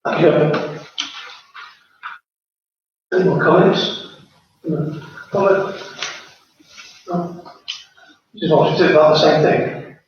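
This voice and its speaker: A man chairing a council meeting, brisk and questioning, with stumbling restarts. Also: a little high, fairly even intonation. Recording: echoey room, far from the mic, dull sound, faint noise.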